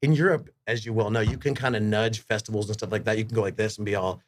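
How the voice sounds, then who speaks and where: Enthusiastic low-voiced man telling stories. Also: fairly even intonation, fast. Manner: rambling, enthusiastic storyteller, swears freely. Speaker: podcast guest, rock singer. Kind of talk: casual chat.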